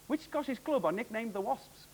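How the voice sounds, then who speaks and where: Male TV quizmaster, high and animated, jokey and brisk. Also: slight background noise, low-quality recording. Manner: jokey, upbeat, quick quizmaster delivery. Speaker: quiz show host. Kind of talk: televised quiz hosting.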